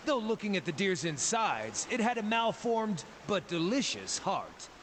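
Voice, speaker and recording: A man's voice: sits high, very animated, a little slow, fairly bright tone, slight background noise, heavily acted. An actor voicing an impish, cheerful small male druid wanderer in a game, playful and well-spoken. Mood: cheeky. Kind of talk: voiced game dialogue.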